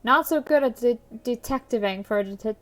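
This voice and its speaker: Woman doing a gruff rude motel clerk. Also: a little high, moderate pace, lightly acted. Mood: sneering. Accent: put-on New York-style accent. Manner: gruff, insulting, sneering.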